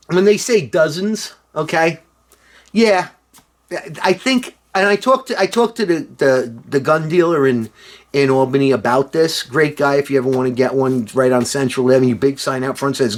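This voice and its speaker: A man's voice: medium pitch, normal speed. A man vlogging in a casual, rambling monologue, sarcastic and profane with lots of fillers.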